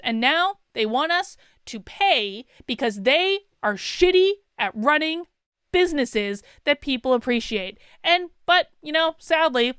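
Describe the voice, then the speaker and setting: A woman's voice: high voice, a bit bright, smooth, no room sound, clean studio sound. A woman in her thirties giving indignant opinion commentary, emphatic and repeating words for stress. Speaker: commentary vlogger. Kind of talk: opinion commentary reading a passenger account.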